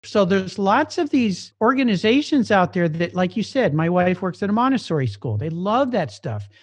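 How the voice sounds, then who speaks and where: A middle-aged man, a guest, telling a personal story in a casual, animated way, acting out the voices of the people in it. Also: high voice, normal speed, breathy edge. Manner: animated, acts out quoted dialogue. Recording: slightly dull lo-fi recording with faint music.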